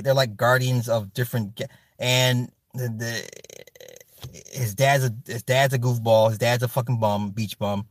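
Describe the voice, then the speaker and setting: Casual streamer host, male, mid-pitched, profane and animated, dry close mic. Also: no echo. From Chicago. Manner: loose, profane, animated storytelling with loud outbursts. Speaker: livestream host reading chat. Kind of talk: casual chat.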